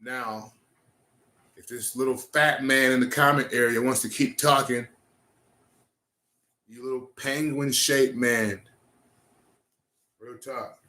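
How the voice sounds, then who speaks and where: A man's voice: mid-range voice, steady tone, measured pace, bright, forceful tone. A man doing rambling livestream banter, crude and trash-talking, answering his chat. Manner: sings off-key bursts of a ballad.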